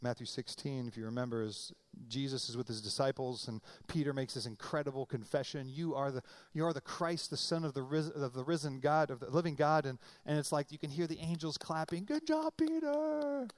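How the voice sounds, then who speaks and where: A middle-aged male pastor preaching in a conversational, animated way, acting out quotes with comic voices. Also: mid-range voice, brisk, few pauses. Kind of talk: sermon.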